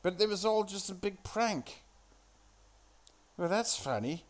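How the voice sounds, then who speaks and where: A man's voice: high-pitched, expressive, takes it slowly. A man giving casual, rambling commentary on a film he is watching, sardonic and full of swearing. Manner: sardonic, crude, profane, off-the-cuff.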